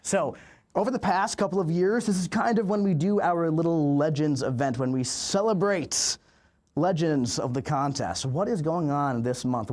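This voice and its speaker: A man in his thirties hosting an official game livestream with hyped, chatty energy and drawn-out emphasis. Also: fairly high pitch, darkish tone. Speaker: livestream host.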